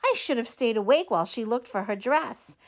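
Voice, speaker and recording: A woman's voice: fairly high pitch, lively intonation, fairly quick. A woman reading a storybook aloud and voicing a gallant, eager male caterpillar groom in an earnest, exclaiming way. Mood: upset.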